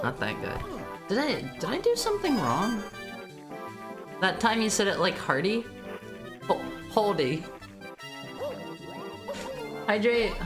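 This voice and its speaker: A woman streaming a video game, chatting playfully and teasing her chat. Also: medium pitch. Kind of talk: casual game-stream commentary. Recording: game music playing behind.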